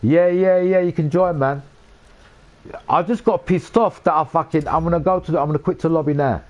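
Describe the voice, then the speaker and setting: A young man talks his viewers through a racing game. He swears freely and gets heated when things go wrong. His voice sits a little high. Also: a little fast, darkish tone, lo-fi sound. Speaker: live-streaming gamer. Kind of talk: casual gameplay commentary.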